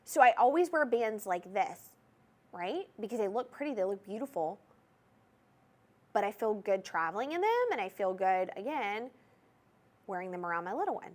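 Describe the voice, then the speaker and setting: A woman's voice: mid-range voice, very animated, moderate pace, long pauses, darkish tone. A young woman with a Southern US accent hosting a live TV jewelry sales show, talking chattily and checking in with viewers. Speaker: shopping channel jewelry host.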